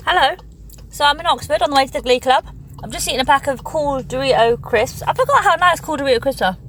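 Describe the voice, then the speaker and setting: A woman's voice: sits high, lively intonation, quick pace, a bit bright. A woman of thirty-eight, a stand-up comedian talking in a chatty, self-mocking vlog style. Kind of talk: casual vlog-style monologue. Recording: noisy background.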